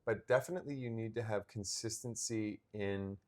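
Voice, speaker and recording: A man in his thirties, co-hosting a casual podcast chat and telling a personal story, acting out the remembered dialogue with animated energy. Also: fairly low pitch, normal speed. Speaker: podcast co-host.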